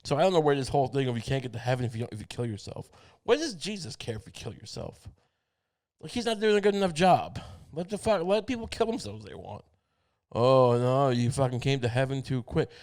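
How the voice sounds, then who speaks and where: A man's voice: on the high side, very animated, quick pace, darkish tone. Male comedy podcaster riffing solo: profane, meandering, keeps restarting his sentences. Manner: profane, rambling, frequent restarts. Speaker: podcast host.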